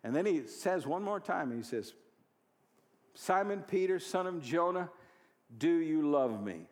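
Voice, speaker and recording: A pastor preaching a sermon, moving from quiet storytelling to loud, fervent exhortation. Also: male voice, on the high side, lively intonation, measured pace, big-room sound. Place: church hall.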